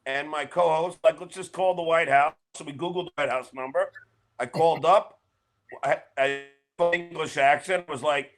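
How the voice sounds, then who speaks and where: A man guesting on a podcast, telling stories loudly in casual chat. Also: on the high side, normal speed. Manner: loud, animated storyteller.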